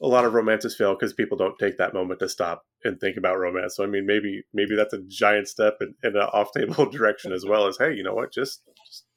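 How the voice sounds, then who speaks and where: Laughing podcast host, low voice. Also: male voice, fairly even intonation, fairly quick, hardly any pauses. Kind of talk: casual podcast chat.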